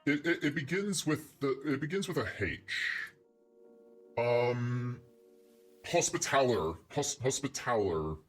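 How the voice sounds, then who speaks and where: A man's voice: mid-range voice, lively intonation, slow pace, soft background music. A man chatting casually on a game stream, telling a rambling story full of restarts and self-corrections. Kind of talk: casual gaming stream chat.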